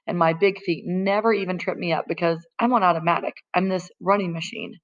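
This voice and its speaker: A woman's voice: on the low side, steady tone, a little fast, lo-fi sound. A woman reading a first-person novel aloud in a plain, conversational narrating voice. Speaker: audiobook reader.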